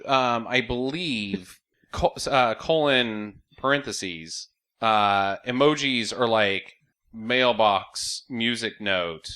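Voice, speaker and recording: A man's voice: medium pitch, takes it slowly, sharp tone, clean tone. A man hosting a casual comedy podcast, joking around and laughing often. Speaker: podcast host. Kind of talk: casual banter.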